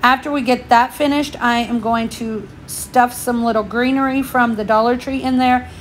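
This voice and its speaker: A woman's voice: a little high, fairly even intonation, moderate pace, slight background noise. A woman, slightly out of breath, chatting through a step-by-step craft tutorial for her channel. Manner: chatty, homey, explains each step.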